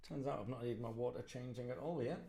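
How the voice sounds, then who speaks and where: Gravelly man chatting while he paints. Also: mid-range voice, fast, dark tone. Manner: rambling, self-mocking, chatty. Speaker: livestream sketching host. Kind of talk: casual live commentary while painting.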